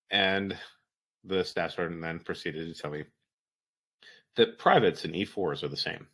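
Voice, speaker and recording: A deep-voiced American man, a military veteran appearing as a guest, tells a story in casual, profane language at a normal pace, pausing often. He's animated and acts out the dialogue of the people in the story.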